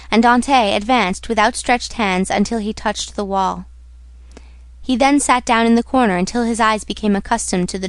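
A woman narrating a classic novel in a measured audiobook reading. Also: medium pitch, no room sound. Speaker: audiobook reader. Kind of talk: scripted narration.

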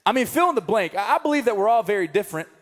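A young man preaching a sermon, telling a story with animated comic asides. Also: high voice, racing. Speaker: pastor. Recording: long reverb of a large hall.

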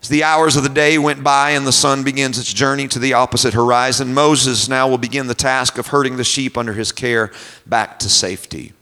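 A man preaching at a conference, retelling a story in vivid, unhurried detail, in a hall with long reverb. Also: medium pitch, fairly even intonation, pushed and bright. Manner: imaginative, descriptive, unhurried.

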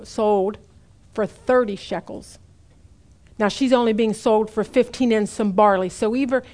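A middle-aged woman preaching a sermon in an earnest way, slowing down to stress key points and asking the listeners direct questions. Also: a little high, a little mellow.

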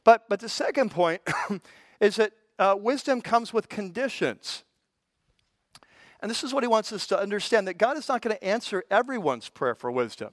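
High-voiced older man preaching. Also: expressive, normal speed, no room sound. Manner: conversational, stammering restarts, folksy asides. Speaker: pastor. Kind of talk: sermon.

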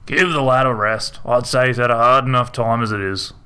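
A gruff father grumbles his warnings, as a man reading a story puts him on. He sounds weary and protective. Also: medium pitch, fairly even intonation, brisk, bright, forceful tone, lightly acted.

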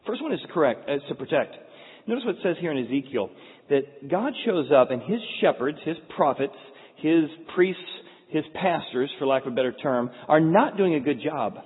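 A man preaching a sermon, telling stories in an animated way with frequent restarts. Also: on the high side, normal speed, slightly rough. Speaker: pastor. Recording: phone-like sound in echoey hall.

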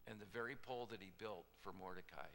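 A man preaching a sermon, retelling a scripture story with casual asides and lively voiced quotes. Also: lowish voice, quick pace, vocal fry, in a large hall, slight background noise. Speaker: pastor.

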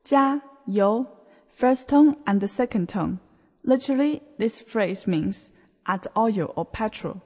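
A woman teaching a beginner language lesson on a podcast, explaining words in a slow, clear way. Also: medium pitch, lively intonation, mellow. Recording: long hall reverb.

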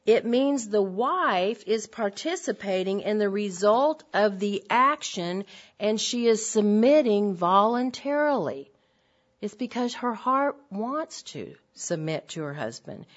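A middle-aged women's Bible teacher delivers an earnest, emphatic church lecture to women, repeating her key phrases. Her mid-range voice is lively in intonation and takes its time. The lecture recording is dull and lo-fi.

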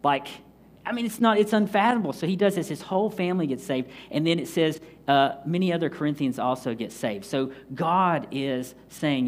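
A man preaching a conversational Bible study sermon, acting out scenes with quick asides. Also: on the high side, animated. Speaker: pastor.

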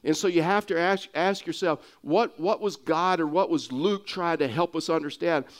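At a moderate pace, a man with a Texas accent and a fairly high voice for a man preaches earnestly. His sermon loops back on itself as he repeats and restarts phrases to press his point.

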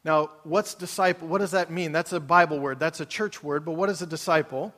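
High-voiced pastor preaching in a reverberant hall. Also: male voice, fairly even intonation, brisk, a bit bright. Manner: conversational, asks the congregation questions. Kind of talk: sermon. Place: large church auditorium.

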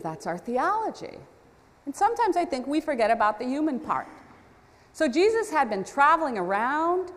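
A woman preaching a storytelling sermon, talking conversationally with self-deprecating asides. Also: on the high side. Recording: long hall reverb.

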